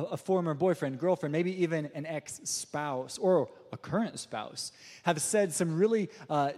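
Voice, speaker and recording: A man's voice: on the high side, a little mellow. A man telling a personal story in a sermon, chatty and self-deprecating, laughing often. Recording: long reverb of a large hall.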